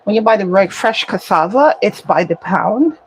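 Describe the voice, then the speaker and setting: A woman hosting a casual home cooking vlog, explaining each step in an unhurried way as she cooks in her kitchen. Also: mid-range voice, lively intonation, noisy background. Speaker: cooking channel host.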